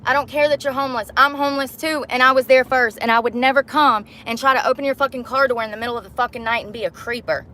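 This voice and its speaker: A woman's voice: sits high, fairly even intonation, fast talker, few pauses, bright, forceful tone. A woman vlogger ranting angrily and bluntly to the camera from inside her car at night, swearing often. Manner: angry, profane, blunt. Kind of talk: heated rant to the camera.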